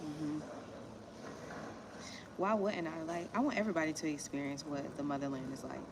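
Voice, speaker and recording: A woman's voice: sits low, fairly even intonation, normal speed, noisy background. A woman from Miami with a Southern US accent, chatting casually and bluntly with viewers about small business grants on a livestream. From Miami, Florida, USA. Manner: blunt, slangy, talks straight to viewers. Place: West Africa.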